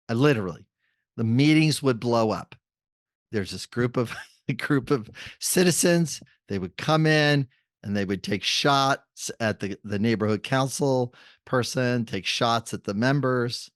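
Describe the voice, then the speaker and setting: Animated male storyteller, dry close sound. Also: medium pitch, dry recording. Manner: animated storyteller acting out dialogue. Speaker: guest, author and mediator. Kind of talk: storytelling in a podcast interview.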